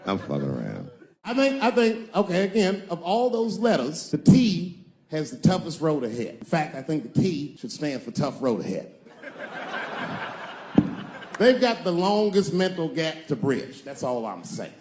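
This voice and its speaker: Through heavy background noise comes a fortysomething stand-up comedian whose slightly high voice swoops wildly in pitch at a somewhat slow pace. He tells crude stories conversationally and riffs with the people in the room.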